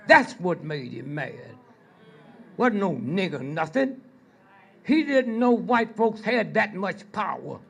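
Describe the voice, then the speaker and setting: An older man telling stories to a live audience, prodding listeners with repeated "Hmm?" and "Huh?" between pointed pauses. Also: high-pitched, big pitch swings, a bit bright. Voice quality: gravelly, husky. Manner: slow, drawn-out delivery with pointed pauses. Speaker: speaker addressing an audience. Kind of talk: storytelling lecture to a live audience.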